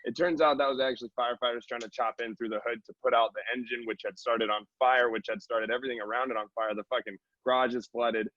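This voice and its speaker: A man's voice: mid-range voice, fairly even intonation, quick pace, hardly any pauses, fairly bright tone, dry recording, dull audio. A man co-hosting a comedy podcast, recapping a story loosely and with swearing, over a video call. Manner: loose, profane. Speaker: co-host. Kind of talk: casual recap.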